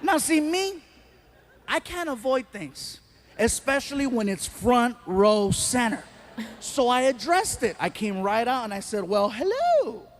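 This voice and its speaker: A man performing stand-up comedy, telling a story in an animated way with bursts of shouting. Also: very high voice, unhurried, slight background noise.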